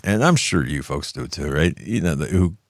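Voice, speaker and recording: Deep, sarcastic talk-show man. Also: animated, moderate pace, no echo, clean studio sound. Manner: rambling, sarcastic, many restarts. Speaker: political talk show host. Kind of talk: casual opinion monologue.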